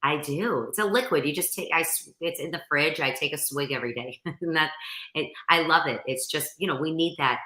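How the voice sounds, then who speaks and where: A woman's voice: sits low, fairly quick, bright, forceful tone, roomy sound. A middle-aged woman talking earnestly as a podcast guest over a call, rambling with restarts. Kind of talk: casual interview chat.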